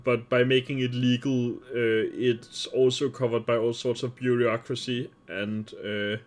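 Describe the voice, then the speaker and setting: Male game streamer, mid-range voice, halting live commentary. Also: medium pitch, little pitch movement. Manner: hesitant, many filler sounds.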